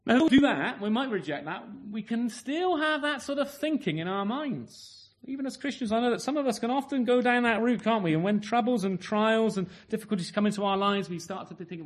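This high-voiced preacher delivers his sermon earnestly and expressively, moving fairly quickly with barely any pauses. He keeps tacking rhetorical tag questions onto statements and often restarts or repeats words mid-thought.

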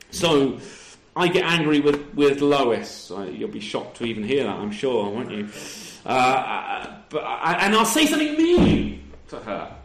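A man preaching a sermon to his congregation, asking rhetorical tag questions and adding dry self-deprecating humor. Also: on the high side. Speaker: pastor. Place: church service. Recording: roomy echo.

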